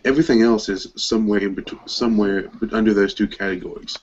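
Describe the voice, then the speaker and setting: A man's voice: on the low side, fairly even intonation, fast talker, muffled recording. A man in a casual group debate, arguing points in a lecturing, argumentative way. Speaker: panel guest.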